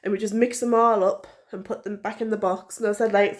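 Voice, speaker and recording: A woman's voice: medium pitch, fairly even intonation, fairly quick, hardly any pauses. A woman in her thirties from North East England, talking in a rambling personal vlog at home with many fillers and restarts. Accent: North East English. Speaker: vlogger.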